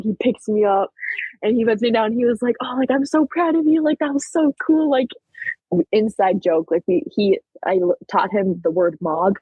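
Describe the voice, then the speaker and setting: A young woman in her late teens, a podcast guest, chatting and retelling events in a lively way full of "like". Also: mid-range voice, breathy edge, dry recording, narrow, tinny audio. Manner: chatty, peppered with "like", animated retelling. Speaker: podcast guest, track athlete. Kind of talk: casual storytelling interview.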